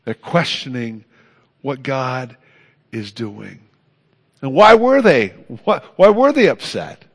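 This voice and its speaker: A man preaching a sermon as pastor, earnest, building to emphatic peaks and then dropping soft. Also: medium pitch, big pitch swings, slow, breathy edge.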